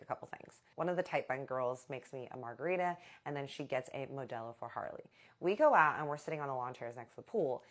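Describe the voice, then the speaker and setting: A young woman telling a casual storytime to her viewers, chatty and animated, calling them y'all. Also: very deep voice. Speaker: storytime vlogger.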